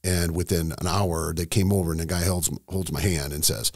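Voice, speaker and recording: A middle-aged man tells a personal story candidly and emotionally, with halting restarts. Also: low voice, steady tone, husky, no room sound, clean studio sound. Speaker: estate planning seminar host, guest.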